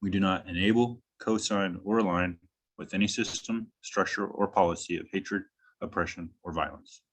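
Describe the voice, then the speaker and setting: A man reciting a church mission statement in a measured, declamatory way over a video call. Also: sits low, fairly even intonation.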